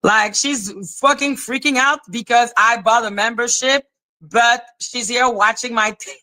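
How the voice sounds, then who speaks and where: A woman's voice: a little high, fairly even intonation, measured pace, sharp tone. A woman youtuber in a played clip, ranting in an exasperated, profane way on her own stream. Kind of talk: ranting live-stream talk.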